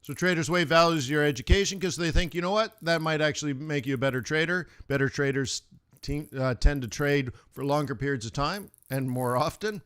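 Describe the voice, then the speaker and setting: A man's voice: fairly high pitch, a little fast, fairly bright tone, clear, resonant tone, no echo, studio quality. A man hosting a live trading stream, talking casually and playfully with slangy asides. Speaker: forex trading stream host. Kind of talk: casual livestream talk.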